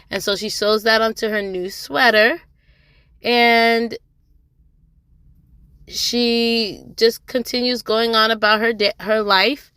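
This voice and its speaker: A woman's voice: medium pitch, bright, forceful tone, clear, resonant tone, dry recording. A young woman giving a casual, chatty recap of a TV drama episode, with sassy asides to the characters. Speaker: TV drama reviewer.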